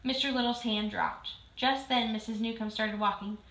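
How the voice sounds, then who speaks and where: Bright-voiced woman reading a children's book. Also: a little high, normal speed. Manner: clear, steady storytelling. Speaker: reader. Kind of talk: children's book read-aloud. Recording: roomy echo.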